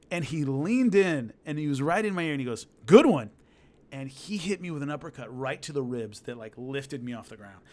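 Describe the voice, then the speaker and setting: A middle-aged man telling a casual story, animated and acting out hits with loud sound effects. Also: on the high side. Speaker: combat sports commentator telling stories.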